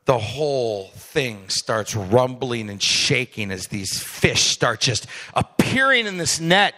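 A man preaching a sermon as pastor, swinging from soft asides to loud emphatic peaks. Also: a little high, animated, a little slow, hardly any pauses, long reverb tail.

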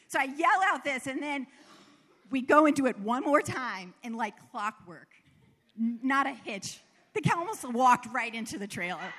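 Speaking at a normal speed, a preacher from the American South delivers an animated sermon in a high, slightly bright voice that echoes with long, hall-like reverb. Her earnest personal stories are sprinkled with occasional self-directed laughter.

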